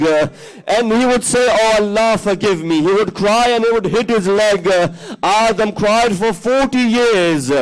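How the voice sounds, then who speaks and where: A man's voice: high voice, low-quality recording. A man delivering an impassioned mourning sermon at a religious centre, his voice rising into emotional cries. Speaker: preacher reciting a majlis. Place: mosque community centre.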